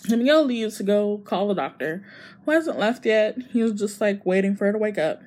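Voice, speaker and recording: A woman's voice: mid-range voice, a little fast, darkish tone, a little hiss or hum. A young woman casually retelling a story, chatty with lots of fillers.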